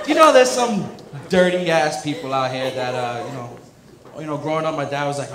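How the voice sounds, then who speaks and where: A man's voice: on the high side, animated, fairly quick. A young man doing a stand-up set, telling rambling stories full of fillers. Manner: rambling, filler-heavy storytelling. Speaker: stand-up comedian. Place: comedy club stage. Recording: echoey club room with crowd. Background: audience laughter.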